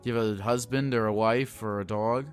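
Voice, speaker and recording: A man's voice: fairly low pitch, steady tone, fairly quick, clean tone, faint music behind. A man hosting a casual call-in show, asking earnest, playful questions. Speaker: host.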